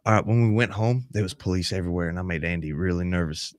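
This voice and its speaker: A man's voice: sits low, fast, no echo. A man hosting a podcast in casual chat, telling stories in a profane, rowdy way. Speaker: podcast host.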